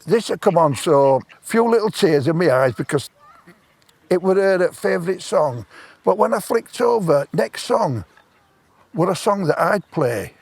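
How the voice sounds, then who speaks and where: A man's voice: sits high, animated, unhurried, creaky, a little mellow, breathy edge, dry recording. A man, telling a long personal story in plain-spoken, rambling speech. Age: 70s. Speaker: stranger on a park bench. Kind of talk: casual storytelling. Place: park bench outdoors.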